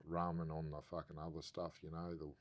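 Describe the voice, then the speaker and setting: A man's voice: rumbling low, completely flat delivery, fairly quick, highs cut off. An Australian man, a podcast guest, telling a story in casual, rambling talk and swearing constantly.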